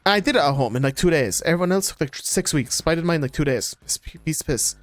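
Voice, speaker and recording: A young Irish man in his twenties telling animated stories in casual chat as a streamer, laughing often. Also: on the high side, quick pace, faint music behind.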